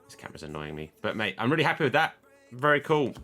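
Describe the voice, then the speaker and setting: Between card packs, a host banters with his camera, grumbling when the focus slips and making jokes at his own expense. His mid-range voice has a sing-song lilt, bright and forceful at a quick pace, with soft music playing underneath.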